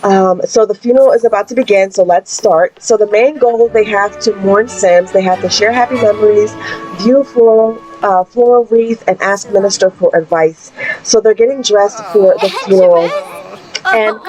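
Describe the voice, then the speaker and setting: A woman's voice: medium pitch, moderate pace, low-quality recording. A woman narrating a life-simulation game in a chatty, gossipy way, voicing her characters' drama with laughs and lots of fillers. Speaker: game streamer. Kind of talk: casual Sims gameplay narration.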